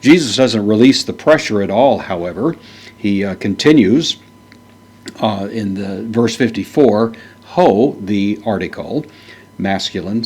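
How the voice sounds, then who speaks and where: A man teaching a Bible verse word by word, parsing each word in a measured way with frequent fillers. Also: lowish voice, darkish tone, slightly rough. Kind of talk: unscripted Greek verse lesson.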